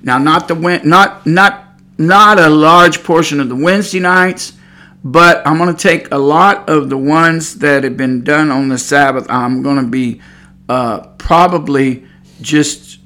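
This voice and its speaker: A man's voice: on the high side, measured pace, pushed and bright. Folksy rambling Texan man. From Texas. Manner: folksy, meandering storytelling with many fillers. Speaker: podcast host. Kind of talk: rambling religious podcast talk.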